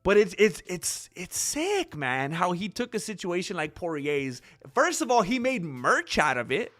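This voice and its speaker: Brief: high, lively male voice, bright and forceful, heated solo commentary host. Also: measured pace, faint music behind. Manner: heated, animated, acts out quoted voices.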